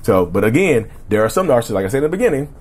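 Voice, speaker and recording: A man hosting a casual solo podcast, talking in a rambling, repetitive way with a slightly rough throat he keeps clearing, and often asking the listeners "right?". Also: medium pitch, sing-song, racing, a little mellow. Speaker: podcast host.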